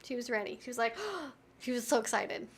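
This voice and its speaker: High-voiced chatty woman streamer. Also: level tone, brisk. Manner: chatty and candid, peppered with "like". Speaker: live-stream host answering viewer questions. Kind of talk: casual live-stream Q&A chat. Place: at home with her pets.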